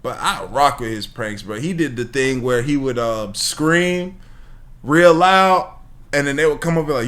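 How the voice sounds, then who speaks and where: A man's voice: medium pitch, moderate pace, fairly bright tone. A man hosting a reaction video, talking casually with lots of slang and swearing, rambling and laughing as he watches.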